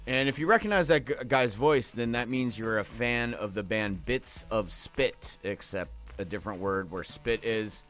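A man's voice: on the low side, moderate pace, hardly any pauses, a bit bright. A man hosting a radio show, talking casually and loosely about the records he just played, drifting into jokey asides. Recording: faint music behind the voice.

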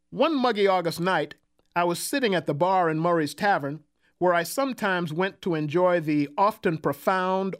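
Man reading a personal story. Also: high voice. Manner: measured, wry, reflective. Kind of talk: literary first-person narration.

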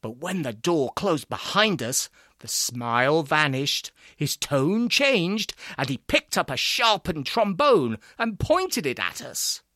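Deadpan male comic storyteller. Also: a little high, takes it slowly, no room sound, studio quality. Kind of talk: comic serial story narration.

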